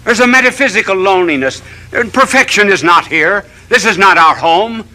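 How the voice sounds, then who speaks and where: A man's voice: high-pitched, animated, normal speed, pushed and bright, rough recording. A man, a bishop, giving a televised sermon in a studio, orating through long runs of rhetorical questions.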